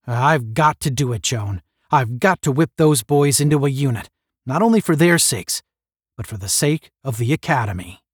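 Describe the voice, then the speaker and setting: A man's voice: mid-range voice, lively intonation, normal speed, a bit bright, dry recording, studio quality. A man voicing a troubled but resolute male academy captain in a story, earnest in tone.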